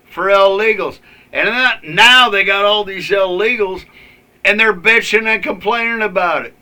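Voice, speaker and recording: A man's voice: high-pitched, animated, slow pace, pushed and bright. A man ranting angrily in a rambling, profane vlog with many fillers. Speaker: vlogger. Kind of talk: ranting political commentary.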